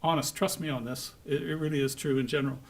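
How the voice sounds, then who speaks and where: A man giving a conference lecture to a live audience, lively and joking with the crowd. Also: fairly high pitch, fast. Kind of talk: conference talk.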